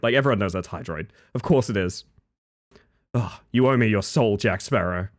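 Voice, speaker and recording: A man live-streaming, chatting casually with viewers, reading their messages and answering them by name, jumping from excited high yelps to low mutters. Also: fairly quick. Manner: reads chat aloud and answers viewers by name.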